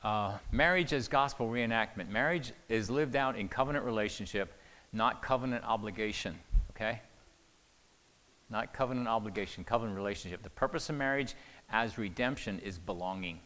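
A man's voice: fairly low pitch, brisk, bright, forceful tone. An older man giving a conversational church teaching on marriage, often repeating words and asking the audience questions. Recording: long hall reverb.

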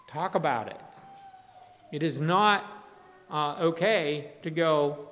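Guy giving a sermon, kinda high voice, restarts a lot, big echoey church hall. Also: lively intonation, measured pace, a bit bright, slight background noise. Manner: conversational preaching with frequent restarts and acted-out quotes. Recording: long hall reverb.

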